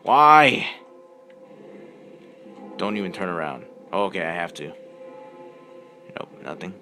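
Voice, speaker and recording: A man's voice: sits low, big pitch swings, slow pace, music in the background. A young man commentating on a horror game he is playing, yelping at scares and muttering to himself in between. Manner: jumpy, yelps and screams at scares, mutters to himself. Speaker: gameplay commentator.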